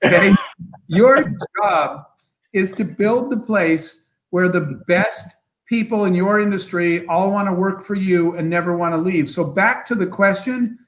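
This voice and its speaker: A man, a guest entrepreneur, telling motivational stories in an interview in an animated, quick way. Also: sits high, low-quality recording. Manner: animated, fast storyteller with bursts of laughter.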